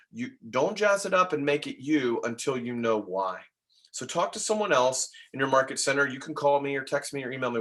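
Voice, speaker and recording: Man teaching a room of agents, chatty and animated, steady mid-range voice, keeps checking in with "right?". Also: medium pitch. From Nashville. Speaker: real estate trainer. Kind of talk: training talk to agents.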